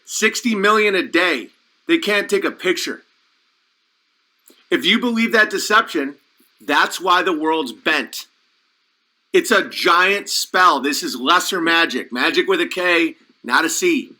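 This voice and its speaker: A man's voice: a little high, a little slow, pushed and bright, poor audio. A man hosting a podcast, delivering a fired-up, preachy and emphatic monologue. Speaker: podcast host. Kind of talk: impassioned conspiracy monologue.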